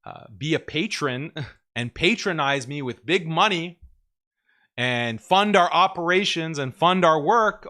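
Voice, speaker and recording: A man hosting a casual livestream, reading viewer messages aloud and answering them bluntly, often mocking critics in a sarcastic, higher voice and laughing as he talks. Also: lively intonation, measured pace, bright, forceful tone. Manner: mocking, with sarcastic high-pitched mimicry of critics; blunt, opinionated, laughs while talking. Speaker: show host reading viewer super chats.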